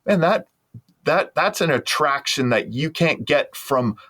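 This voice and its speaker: A man's voice: on the high side, lively intonation, unhurried, fairly bright tone, breathy edge. A man hosting a podcast, talking in a rambling, enthusiastic way full of restarts. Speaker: podcast host. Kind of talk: casual interview chat.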